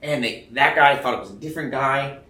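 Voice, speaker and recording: Young guy rambling on, bright voice, kinda far from the mic in a roomy space. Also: medium pitch, fairly quick. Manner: rambling, swears a lot, acts out quotes. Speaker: tattoo artist guest. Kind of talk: casual storytelling chat. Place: tattoo convention. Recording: roomy sound, a bit off-mic.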